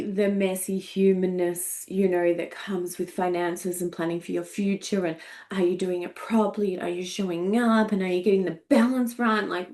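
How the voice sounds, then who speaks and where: A woman's voice: medium pitch, a little mellow. A woman in her forties, a coach, talking candidly and emotionally, swearing freely and laughing at herself. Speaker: energetics coach. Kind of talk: candid casual monologue.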